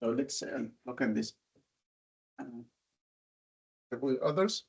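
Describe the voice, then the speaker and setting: A man's voice: medium pitch, animated, takes it slowly, vocal fry, slightly rough. A man teaching a classroom lesson on Quranic reading. He talks patiently, explains step by step and repeats his examples. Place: classroom with a board.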